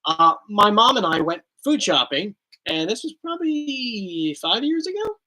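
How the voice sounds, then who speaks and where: A man's voice: sits high, very animated, unhurried, pushed and bright. Goofy man telling playful stories. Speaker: YouTube host. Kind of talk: casual Q&A chat.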